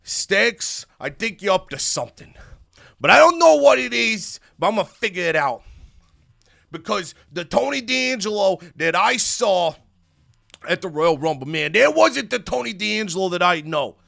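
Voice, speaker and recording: A man's voice: sits high, sing-song, normal speed, vocal fry, pushed and bright, pitched above the performer's own voice, full character voice. A man voicing a confused, upset young male wrestler who keeps questioning. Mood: agitated. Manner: questioning, agitated.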